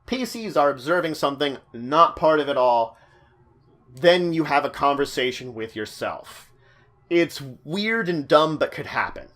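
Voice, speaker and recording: A man giving animated, stop-start advice on running a tabletop game as dungeon master. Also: fairly high pitch, measured pace. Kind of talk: tutorial talk.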